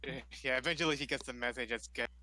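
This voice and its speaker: A man's voice: mid-range voice, fairly even intonation, fast, sharp tone, no echo. A man narrating as game master in a tabletop role-playing game, describing events matter-of-factly.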